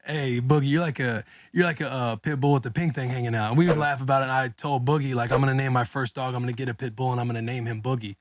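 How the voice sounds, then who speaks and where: A man's voice: medium pitch, fast, hardly any pauses, dry recording, clean studio sound. Young male podcast host, casual and profane. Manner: relaxed, swears freely. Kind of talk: casual chat.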